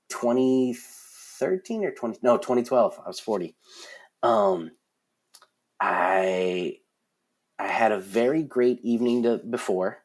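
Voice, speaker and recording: A man's voice: medium pitch, lively intonation, unhurried, long pauses, slightly rough. Rambling, frank man in his forties. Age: 40s. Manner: rambling, frank, with many fillers and restarts. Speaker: guest, concert production manager. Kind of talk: casual storytelling in a podcast interview.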